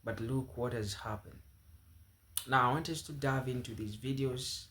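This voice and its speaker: A man's voice: medium pitch, moderate pace, fairly bright tone. A man hosting a commentary channel, talking earnestly to his viewers. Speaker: channel host. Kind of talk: commentary to camera.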